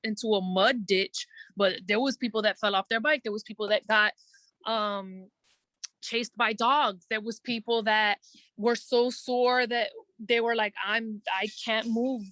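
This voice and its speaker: A woman guest in a casual interview, telling her story earnestly and quickly, acting out her own thoughts and using many "like" fillers. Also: a little high, steady tone, a bit bright, no echo. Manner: earnest, fast storytelling with quoted self-talk and many "like" fillers. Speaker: guest entertainer.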